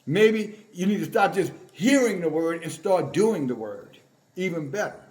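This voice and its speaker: High-voiced man preaching scoldingly. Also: expressive, unhurried, a little mellow. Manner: emphatic and confrontational, reads scripture aloud. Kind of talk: scolding online sermon.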